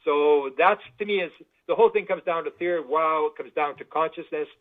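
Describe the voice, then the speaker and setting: Fast-talking man on a tinny line. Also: on the high side. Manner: animated, repetitive restarts. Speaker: guest. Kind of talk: anecdotal interview storytelling.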